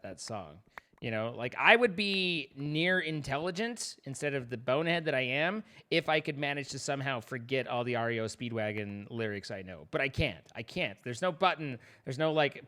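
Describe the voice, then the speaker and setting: A livestreamer with a medium-pitched, bright, forceful voice chats casually while streaming a game. He rambles and makes self-mocking jokes to his chat.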